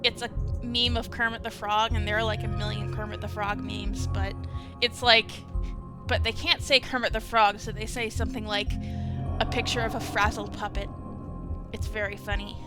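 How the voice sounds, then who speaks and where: A woman's voice: mid-range voice, little pitch movement, moderate pace. A woman hosting a let's-play from home, chatting casually and thinking aloud as she reads the game. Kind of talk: casual game commentary and reading. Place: home with cats nearby. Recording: game music in the background.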